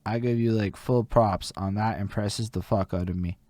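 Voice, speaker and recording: A young man with a Canadian accent hosting a casual interview, talking excitedly, swearing often and packing his talk with "like". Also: fairly low pitch, moderate pace, no room sound. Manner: excitable, swears a lot, heavy use of "like". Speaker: interview host. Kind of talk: casual chat.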